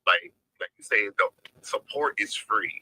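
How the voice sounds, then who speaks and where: A man guesting on a faith live stream who talks earnestly and haltingly, near tears. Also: lowish voice, expressive, gravelly, pushed and bright, dry recording, rough recording. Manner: halting, earnest, many fillers. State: close to tears. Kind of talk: heartfelt faith conversation.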